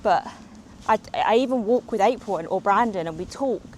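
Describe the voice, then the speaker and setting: A woman's voice: mid-range voice, moderate pace, slight background noise. Breathless chatty woman. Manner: chatty and rambling, with frequent ums. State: slightly out of breath from walking. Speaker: vlogger. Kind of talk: casual walk-and-talk vlog. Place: outdoors on city streets and transit. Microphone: small clip-on mic.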